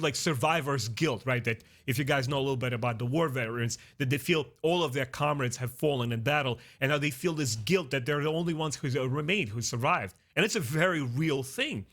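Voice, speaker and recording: A man reviewing a TV series in a casual, earnest way, talking straight to his viewers and often pausing with "uh" and restarting. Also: fairly high pitch. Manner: earnest and expressive, talks straight to viewers as "guys"; frequent "uh" fillers and restarts. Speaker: film and TV reviewer. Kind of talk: casual spoken review to camera.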